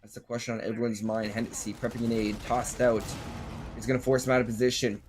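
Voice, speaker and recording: Male esports co-caster, mid-pitched voice, easygoing, laughs a lot, faint background noise. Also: little pitch movement, quick pace. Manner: laughs easily, self-deprecating and good-humoured. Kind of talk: esports color commentary.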